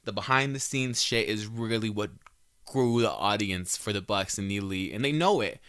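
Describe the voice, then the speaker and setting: A man's voice: lowish voice, animated, moderate pace, a bit bright, clean tone, dry recording, clean studio sound. A man hosting a podcast, recapping wrestling shows in a rambling, profane, casual way with many restarts. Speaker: podcast host.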